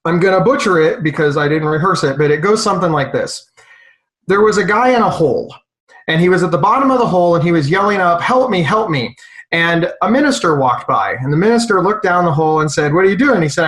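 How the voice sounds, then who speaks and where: High-voiced man, animated and stammering. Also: low-quality recording. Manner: animated storyteller with stammering restarts. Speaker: peer support advocate. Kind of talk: live round-table discussion.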